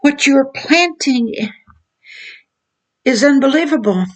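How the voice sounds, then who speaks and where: A woman's voice: sits high, lively intonation, slow. An older woman giving earnest, preachy Christian advice on raising children, repeating her points as she goes. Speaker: mother giving parenting advice. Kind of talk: informal Christian teaching monologue.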